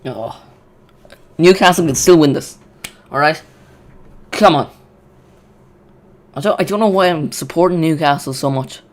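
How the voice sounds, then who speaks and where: Male streamer, slightly high voice, excitable live football watch-along commentary, rambling. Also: unhurried, pauses often. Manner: excitable, chatty, rambling with restarts.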